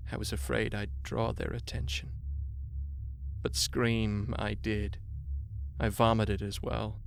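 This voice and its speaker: A man narrating a horror story in a measured way, slowing down on grim details. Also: lowish voice, creaky, a little hiss or hum.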